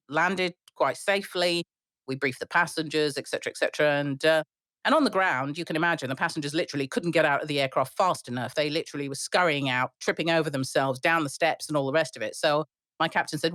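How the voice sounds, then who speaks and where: A middle-aged woman airline pilot telling stories in an interview, animated, with frequent restarts and laughs. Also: low-pitched, no echo, studio quality. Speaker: airline pilot, podcast guest. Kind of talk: storytelling interview.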